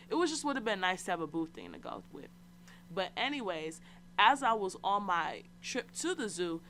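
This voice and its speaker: A woman's voice: mid-range voice, fairly bright tone, a little hiss or hum. A young adult woman hosting a podcast, telling a personal story in a chatty, slangy and candid way and talking straight to her listeners. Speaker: podcast host. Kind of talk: casual solo storytelling.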